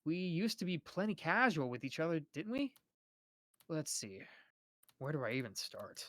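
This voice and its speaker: A man's voice: on the high side, very animated, moderate pace, a bit bright, no echo. A young man reading a novel aloud on a live stream, often stumbling over names and restarting words.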